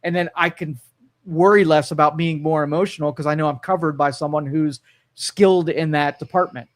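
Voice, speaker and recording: A man's voice: a little high, steady tone, brisk, no echo. A man co-hosting a radio talk show, musing casually with frequent restarts and repeated words. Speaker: co-host. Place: radio studio. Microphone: studio microphone.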